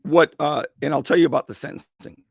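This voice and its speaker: A male talk radio host with a strained, gravelly voice, giving an opinionated monologue and acting out mock dialogue. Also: brisk, no echo, studio quality. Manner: animated, acts out mock dialogue with sudden high-pitched bursts. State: strained voice after a long day.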